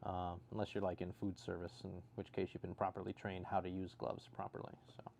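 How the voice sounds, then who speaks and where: A man's voice: low-pitched, completely flat delivery, fairly quick, creaky, a little mellow, slight background noise. A man hosting a casual livestream, reading viewer comments aloud and answering them with dry, sarcastic jokes. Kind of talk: casual chat.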